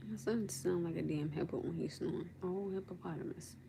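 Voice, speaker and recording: A woman's voice: fairly low pitch, quick pace, vocal fry, background noise. A young woman chatting casually with viewers on a late-night livestream from her bed, sleepy and teasing, laughing often. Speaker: livestream host. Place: at home in bed.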